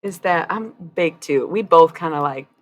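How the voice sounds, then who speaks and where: A woman's voice: low-pitched, animated, normal speed. A woman chatting casually on a live stream, rambling and candid, swearing freely. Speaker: livestreamer.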